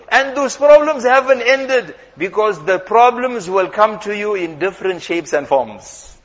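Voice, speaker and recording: High-voiced preacher in a muffled hall. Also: male voice, animated, normal speed, a bit bright. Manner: storytelling, acting out dialogue. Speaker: Islamic preacher. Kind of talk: sermon. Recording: muffled sound in a reverberant hall.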